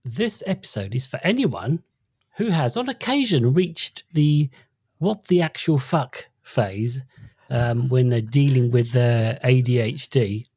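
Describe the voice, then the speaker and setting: A man's voice: mid-range voice, expressive, slow pace, darkish tone, slightly rough, no room sound, studio quality. A middle-aged man co-hosting a podcast in easygoing casual chat, with a wry tone and frequent ums. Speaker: podcast co-host.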